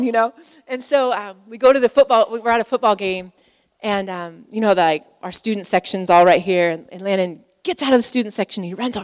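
A woman's voice: medium pitch, fairly quick, clear, resonant tone. A woman in her forties giving an emotional, chatty sermon to a conference crowd. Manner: conversational, emotional, many fillers. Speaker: pastor's wife speaking at a conference. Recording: hall reverb.

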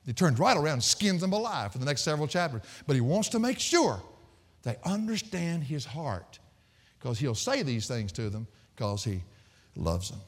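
A male pastor preaching with a lively, swooping voice that leaps from quiet asides to loud bursts. He tells folksy stories and laughs often. His voice rings with the long reverb of a church hall. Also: on the high side, moderate pace. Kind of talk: sermon.

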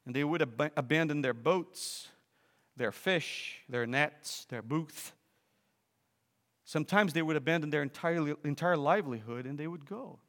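A man preaching a sermon, telling a story with frequent restarts and fillers, then building to loud, emphatic appeals. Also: a little high, unhurried, in a large hall.

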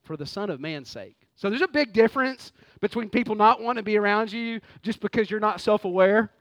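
A man preaching a lively, conversational sermon full of rhetorical questions. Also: high voice, fairly quick, no room sound. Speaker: pastor.

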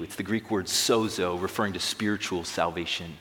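A man's voice: lowish voice, a little fast, hardly any pauses, fairly bright tone, slight background noise. A young man preaching a sermon to a large room, emphatic and building intensity on key phrases. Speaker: pastor. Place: large room with long reverb. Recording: echoey hall reverb.

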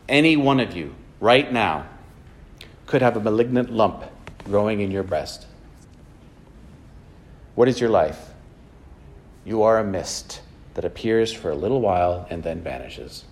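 A man preaching a sermon in a church, mixing plain storytelling with earnest, emphatic points. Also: on the low side. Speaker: pastor.

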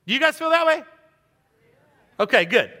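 A man in his fifties preaches a sermon as a guest pastor, with a high, bright and forceful voice. He talks in a conversational, self-deprecating way, with fillers. His voice rings with the long reverb of a church hall. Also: very animated, moderate pace. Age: 50s.

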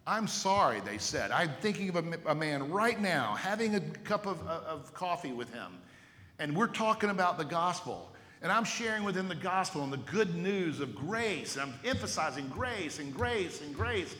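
A man's voice: fairly high pitch, sing-song, normal speed, bright, forceful tone. A male pastor preaching a sermon emphatically, with rhetorical questions and repeated words. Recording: echoey hall with long reverb.

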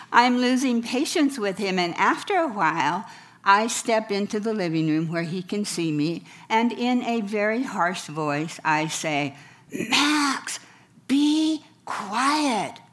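Slow-paced woman telling stories. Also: medium pitch, animated. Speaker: counselor and speaker. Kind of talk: storytelling talk.

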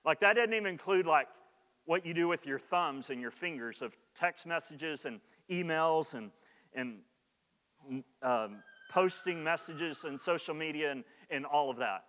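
Male pastor with a slightly high voice, preaching loosely and conversationally, recorded in a reverberant church hall. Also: a little slow, fairly bright tone. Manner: conversational preaching with many restarts and "like", rising in energy. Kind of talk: sermon.

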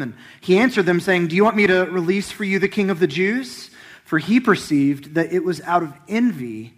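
A man's voice: fairly high pitch, fairly bright tone. A man preaching as pastor, speaking earnestly and reading a long scripture passage aloud with rising emphasis on the quoted words. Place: church.

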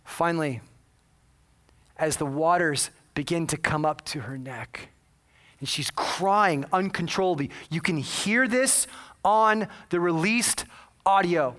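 A man's voice: a little high, slow pace, a bit bright. A man preaching a sermon, telling a story with earnest, dramatic delivery. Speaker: pastor.

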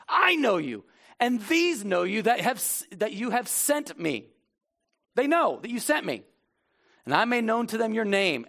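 A man preaching a sermon in a church, impassioned, swinging between loud emphatic lines and low, intimate asides. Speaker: pastor.

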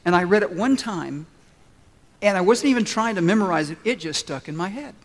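A man preaching a sermon as pastor, earnest and building to emphatic repeated lines before softening into prayer. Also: high voice, lively intonation, a little fast, big-room sound. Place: church sanctuary.

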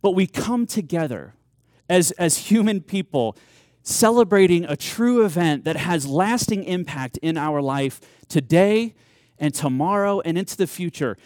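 A man's voice: fairly high pitch, darkish tone, no room sound. A man in his thirties preaching a sermon as pastor, earnest and conversational, often restarting and repeating words.

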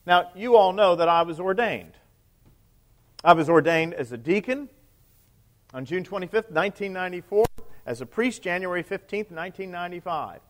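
A man, a priest, preaching a sermon in a conversational way, asking the congregation questions and dropping to a quiet low voice at the end of quoted lines. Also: animated, normal speed.

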